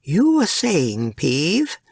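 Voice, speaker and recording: A man's voice: wildly swooping pitch, gravelly, a little mellow, husky, no echo, heavily acted. Man putting on a jaunty pirate rat captain. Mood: brisk. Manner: jaunty, high, drawn-out pirate speech. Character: dashing male pirate rat captain with a peg leg.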